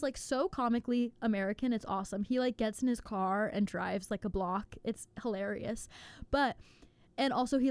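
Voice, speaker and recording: A woman's voice: fairly high pitch, darkish tone, smooth, dry recording. A young woman hosting a college radio show, chatting casually and animatedly about a film, with frequent fillers. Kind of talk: casual chat, film review. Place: college radio station studio.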